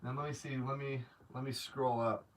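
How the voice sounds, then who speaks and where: A man's voice: medium pitch, level tone, normal speed, far from the mic. A man hosting a casual live stream, chatting to viewers, rambling with many restarts and growing openly grateful. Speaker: livestream host.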